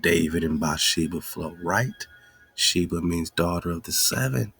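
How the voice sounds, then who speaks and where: Podcast host, male, husky low voice, slow, rhetorical-question style. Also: soft background music. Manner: rhetorical questions, excited musing. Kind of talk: casual monologue.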